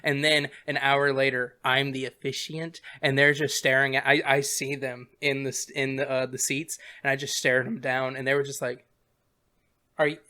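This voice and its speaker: A man in his twenties hosting a podcast, telling stories in an animated way and acting out quotes. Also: medium pitch, normal speed, hardly any pauses. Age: 20s. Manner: animated, laughing storyteller who acts out quotes. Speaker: podcast host. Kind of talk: casual storytelling chat.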